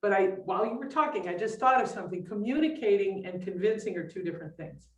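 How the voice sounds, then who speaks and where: A woman's voice: mid-range voice, lively intonation, quick pace, slight background noise. Thoughtful woman, distant and roomy. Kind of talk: casual discussion.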